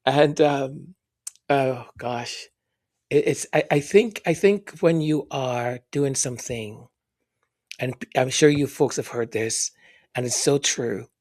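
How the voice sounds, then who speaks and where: A man hosting a podcast who reads listener comments aloud, speaking softly and haltingly, often whispering his thanks and sounding moved. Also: medium pitch, no room sound, clean studio sound. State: moved, emotional. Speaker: podcast host. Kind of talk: casual chat reading listener comments.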